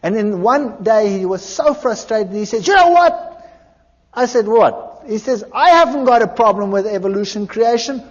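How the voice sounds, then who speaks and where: A man giving a personal testimony, telling his story in an animated way and acting out the dialogue. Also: high-pitched, moderate pace, hardly any pauses. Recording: dull lo-fi recording in a large reverberant hall.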